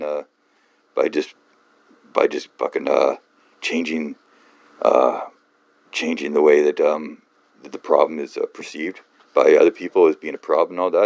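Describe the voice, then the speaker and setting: A man hosting a book channel, ranting off-script in a halting, rambling way, swearing often and mocking himself. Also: extremely low pitch, a little mellow, no echo.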